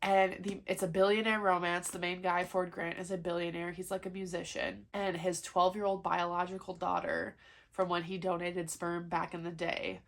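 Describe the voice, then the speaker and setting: A woman's voice: on the low side, little pitch movement, moderate pace. A young woman vlogging casually about her reading, talking in a chatty, frustrated way with lots of fillers. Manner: chatty, frequent "like", frustrated rant. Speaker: book vlogger. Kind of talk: casual chat.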